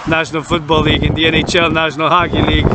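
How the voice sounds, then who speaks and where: A man's voice: a little high, flat delivery, very fast. A man telling a rambling story outdoors as a vlogger, repeating words and lists over and over. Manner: repetitive, lists things over and over. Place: outdoors near a street with passing vehicles. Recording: loud traffic noise outdoors.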